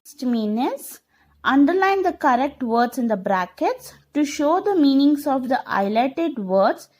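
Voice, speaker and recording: Woman teacher, unhurried, checks in with the class often, non-native English phrasing. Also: high-pitched, very animated, darkish tone. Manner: slow, repetitive, checks understanding with "okay?". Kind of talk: online classroom lesson.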